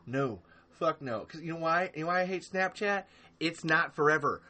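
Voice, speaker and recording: A man's voice: fairly high pitch, moderate pace, pushed and bright. A man hosting a solo livestream podcast, ranting in a rambling, profane way, full of ums and restarts, and breaking off to answer live chat. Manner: reads and answers live chat mid-rant. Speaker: podcast host.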